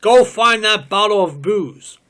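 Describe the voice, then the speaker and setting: A man's voice: sits high, lively intonation, a little slow, pushed and bright. Man reading stage directions aloud. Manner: reads stage directions plainly. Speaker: reader. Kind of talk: cold reading of a stage play.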